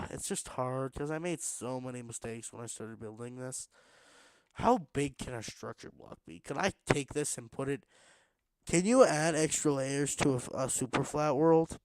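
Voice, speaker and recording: At a normal pace and medium pitch, a man rambles to himself while building in a block-building game on a late-night stream. He sounds tired and casual but keeps pushing his energy up, and there is no echo.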